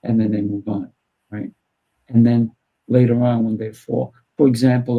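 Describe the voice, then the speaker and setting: A man's voice: medium pitch, gravelly, dark tone, slightly rough, rough recording. A man hosting an interview, talking in a firm coaching way and acting out little exchanges with kids. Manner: firm, coaching tone, acts out dialogue. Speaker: host and martial arts teacher. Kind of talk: casual interview chat.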